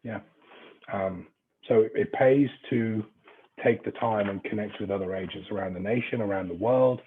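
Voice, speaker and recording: A man's voice: fairly low pitch, normal speed, phone-quality sound, a little hiss or hum. A man with an English accent leading a real estate training class in a chatty, informal way, swearing now and then. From England.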